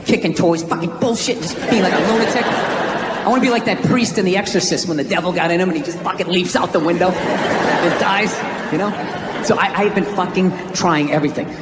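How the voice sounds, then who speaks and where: Middle-aged guy doing standup, yells a lot, swears nonstop, roomy hall echo, crowd roaring. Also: high voice, brisk. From United States. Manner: brash profane ranting, bursts into shouts. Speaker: stand-up comedian. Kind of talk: stand-up comedy set. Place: live stage before an audience. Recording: echoey hall, loud crowd and noise.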